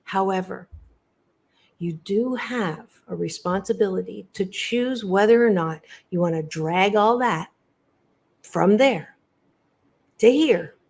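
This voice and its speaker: A woman guest on an interview podcast speaks as a psychologist, emphatic and motivational, often repeating phrases and addressing the listener directly. Her mid-range voice is a little mellow, and she takes her time.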